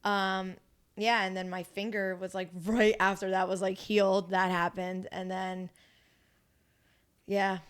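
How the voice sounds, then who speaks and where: A young woman chats on a podcast, with a smooth, clear voice. She tells her story with animation, acting out what others said and swearing freely. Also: mid-range voice, flat delivery, a little slow. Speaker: podcast guest, grappler. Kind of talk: casual podcast chat.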